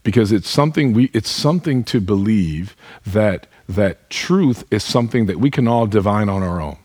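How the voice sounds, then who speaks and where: A man's voice: on the low side, lively intonation, normal speed, darkish tone, breathy edge, no echo. A pastor preaching a sermon, earnest, putting direct questions to his listeners. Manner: speaks to the congregation as "y'all".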